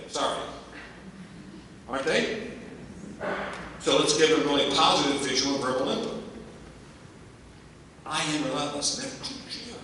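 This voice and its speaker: An older man delivers a motivational keynote with emphatic, energetic phrasing and frequent rhetorical questions. His voice is bright and a touch high. It is captured from a distance in a large, echoing hall. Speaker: motivational speaker. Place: large hall at a staff convocation. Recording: echoey hall, distant mic, faint noise.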